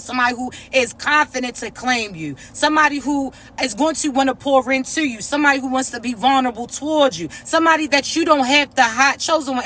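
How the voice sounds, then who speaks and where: A woman's voice: high-pitched, sharp tone. A woman, giving a blunt, profane spiritual pep talk full of slang to her viewers. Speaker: spiritual reader.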